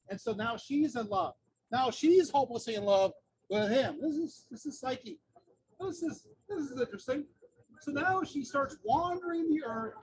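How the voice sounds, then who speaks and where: A man with a strikingly high, gravelly voice retells an old myth as a lecture, chatting casually and dropping joking asides. He speaks outdoors, with faint traffic hum behind him. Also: low-quality recording. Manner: chatty retelling with humorous asides and filler words. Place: outdoors near a busy street corner. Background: faint traffic noise.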